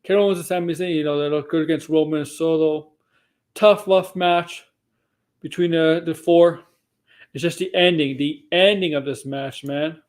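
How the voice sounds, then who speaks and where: A man's voice: on the high side, steady tone, normal speed. A man casually recapping a wrestling show for his stream, rambling and often correcting himself mid-sentence. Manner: rambling, self-correcting, acts out quotes.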